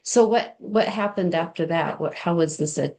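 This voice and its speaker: A woman's voice: fairly low pitch, moderate pace, darkish tone, poor audio. A woman hosting a podcast interview who responds with sympathy and reflects on what her guest shared. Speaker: podcast host. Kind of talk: interview chat.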